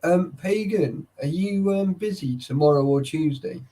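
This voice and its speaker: A man's voice: fairly high pitch, unhurried, dark tone. A young man chatting casually with live viewers, tired and sleepy, swearing often and greeting chatters by name. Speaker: livestreamer.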